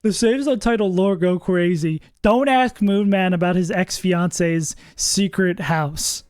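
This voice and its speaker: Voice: mid-range voice, measured pace, a little mellow, smooth, dry recording. Chatty streamer thinking aloud, dry sound. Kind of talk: casual livestream commentary.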